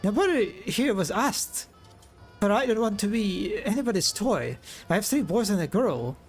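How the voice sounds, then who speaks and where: A man voicing a frightened lowborn laundry woman who pleads and stammers, reading game dialogue aloud on a live stream. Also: sing-song, moderate pace, breathy edge, faint music behind, full character voice. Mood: pleading.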